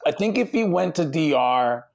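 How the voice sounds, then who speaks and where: A man talking as a podcast guest in animated, rambling casual chat, swearing casually. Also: a little high, normal speed, creaky.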